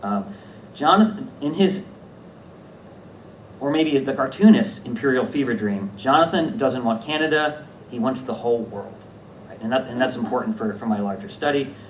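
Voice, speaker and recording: A man giving a conference talk about slides, lively and self-correcting, often checking in with the audience. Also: medium pitch, normal speed. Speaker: academic conference presenter. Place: lecture room at a conference. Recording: echoey room, distant mic, faint hiss.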